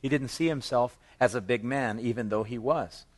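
A man preaching verse by verse through a Bible passage in a relaxed, conversational way, breaking into animated voices for the people he quotes and chuckling at his own asides. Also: mid-range voice, moderate pace. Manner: quotes scripture with lively acted voices. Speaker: pastor. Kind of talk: expository Bible teaching.

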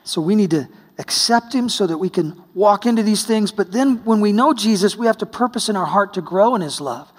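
A man from the United States preaching a sermon, telling a story, swinging between hushed and exclaiming. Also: high-pitched, expressive, brisk, hardly any pauses. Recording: long hall reverb.

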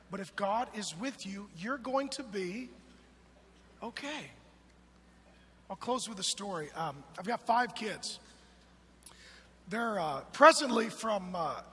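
High-voiced preacher in a reverberant hall. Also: male voice, slight background noise. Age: 40s. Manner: emphatic, swinging from loud calls to hushed storytelling. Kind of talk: sermon.

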